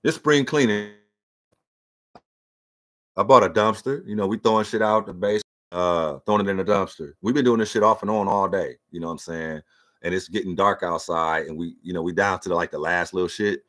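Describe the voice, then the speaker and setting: A man's voice: low-pitched, a little fast, fairly bright tone. A middle-aged man telling a personal story in a casual, profane and emotional rant.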